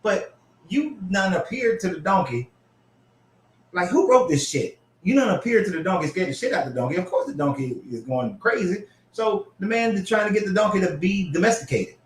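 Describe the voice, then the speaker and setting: A man hosting a casual commentary show, reading scripture aloud and reacting in an animated, profane way. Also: sits high, a little fast, echoey room. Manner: animated, profane, frequently laughing. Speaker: host.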